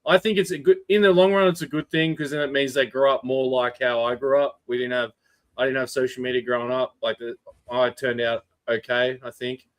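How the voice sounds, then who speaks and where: An Australian man in casual podcast chat, swearing freely as he tells an animated story. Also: medium pitch, fairly quick.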